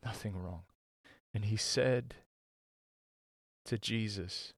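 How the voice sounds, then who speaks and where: A man preaching a sermon, earnest and searching, restarting phrases and going hushed as he quotes scripture. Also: mid-range voice, measured pace, no echo, studio quality. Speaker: pastor.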